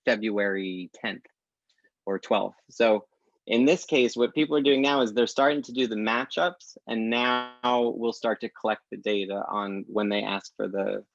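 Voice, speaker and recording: Low gravelly guy chatting on a podcast, acts out what people said, kinda dull lo-fi sound. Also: measured pace, no echo. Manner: animated storyteller acting out quoted dialogue. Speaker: guest, tech company founder. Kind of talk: casual podcast conversation.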